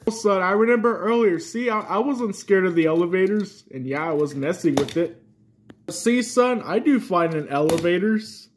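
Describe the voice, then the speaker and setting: A man's voice: sits high, normal speed, slight background noise, lightly acted. A man voicing a preachy father who lectures his son and keeps calling him "son.". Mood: boastful. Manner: repeats "son" constantly, lecturing.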